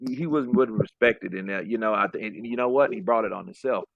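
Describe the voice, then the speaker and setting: A man's voice: on the low side, fast talker, vocal fry, muffled recording, crowd noise. A man co-hosting a podcast in casual chat, rambling and profane, often trailing off mid-thought. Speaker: podcast co-host.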